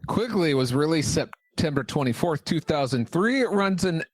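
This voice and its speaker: A man's voice: on the high side, animated, dry recording. Teasing man co-hosting a podcast. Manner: teasing, jokey, reads facts off quickly. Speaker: podcast co-host. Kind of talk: casual chat.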